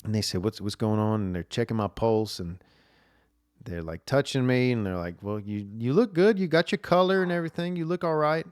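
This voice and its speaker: A man spins a long, casual story at an easy, conversational pitch. His voice is smooth and resonant, and he drops in "dude" and "like" as he rambles on. The recording is close and dry, with no room sound. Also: lively intonation, brisk, no echo. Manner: rambling, says "dude" and "like" a lot. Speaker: podcast host.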